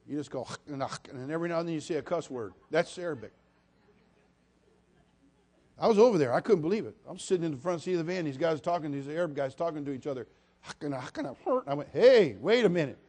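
Preacher, male, high-pitched, sermon delivery with humorous asides and loud appeals. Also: fairly quick. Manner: swings from quiet asides to shouted appeals; humorous storytelling, repeats "listen to me".

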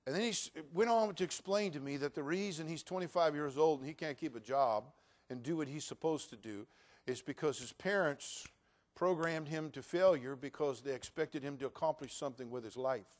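A middle-aged male pastor preaching a sermon, shifting from quiet storytelling to loud exhortation. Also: a little high, fairly quick.

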